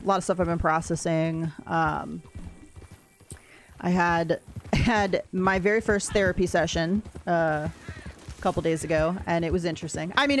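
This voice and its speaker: Brief: young woman game streamer, lowish voice, rambling and candid, faint hiss behind. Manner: rambling, candid, soft-spoken. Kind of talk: casual livestream chat while gaming.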